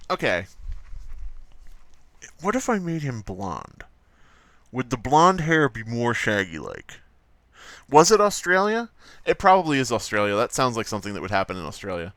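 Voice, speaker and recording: A man's voice: mid-range voice, sing-song, moderate pace, long pauses, fairly bright tone, dry recording. Male streamer, mid-range voice, loose joking ramble with plenty of cursing, dry. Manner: rambling, joking, swears freely. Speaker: livestream host. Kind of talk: casual livestream chatter while drawing.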